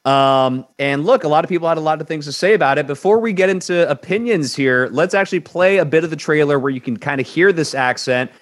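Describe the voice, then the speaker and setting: A man's voice: fairly high pitch, fast, hardly any pauses. A man of Cuban descent co-hosting an entertainment news show, giving a blunt, emphatic opinion and often repeating words as he builds his point. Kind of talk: opinionated co-host chat.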